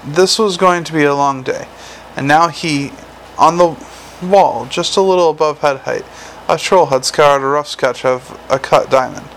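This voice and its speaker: A man reading a comic fantasy novel aloud in a measured, wry storytelling manner. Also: a little high, a bit bright, slight background noise, low-quality recording. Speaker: audiobook narrator. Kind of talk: storybook narration.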